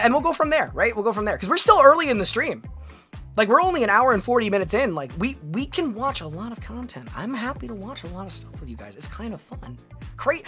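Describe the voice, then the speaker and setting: A woman's voice: a little high, bright, forceful tone, husky. A woman streamer chatting casually with her viewers, rambling with lots of "like" and "right?". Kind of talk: casual live-stream chat reacting with viewers.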